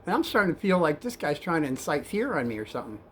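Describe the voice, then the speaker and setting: A man who used to drive a cab, telling a story casually and softly, with a rambling manner and calling his viewers kids. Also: fairly high pitch, sing-song, fast, slight background noise. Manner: soft-spoken and rambling, addresses viewers as kids.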